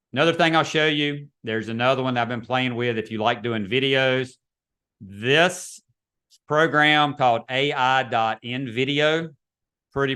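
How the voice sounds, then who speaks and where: Man instructor, casual and repetitive, video-call webinar, mid-pitched voice. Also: a bit bright, smooth. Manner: casual, chatty, repeats himself. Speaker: real estate instructor. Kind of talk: webinar teaching.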